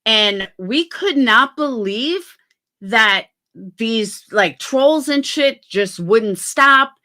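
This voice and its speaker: A woman's voice: a little high, animated, drawn-out words, sharp tone. A middle-aged woman hosting a casual commentary vlog, talking bluntly and defensively and swearing freely. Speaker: YouTube commentary host.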